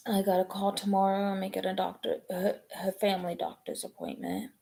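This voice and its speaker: A woman, chatting casually on a live stream, rambling and halting with many ums and restarts. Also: mid-range voice, expressive, vocal fry, warm tone. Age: 20s.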